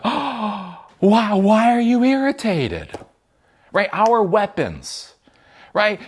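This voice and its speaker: A man hosting his own channel, delivering a heated, profane, sarcastic commentary rant to camera. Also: on the high side. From United States. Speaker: tech channel host giving commentary.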